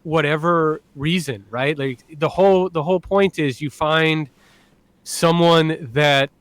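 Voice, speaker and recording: A man's voice: a little high, measured pace, no room sound. A man co-hosting a casual podcast, enthusiastic and rambling with lots of fillers. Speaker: podcast co-host.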